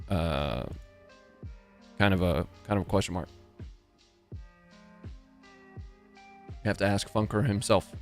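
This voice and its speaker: A man in his thirties from the United States, casually chatting with viewers while streaming a game, laid-back and chuckling often. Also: on the low side. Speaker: livestream host.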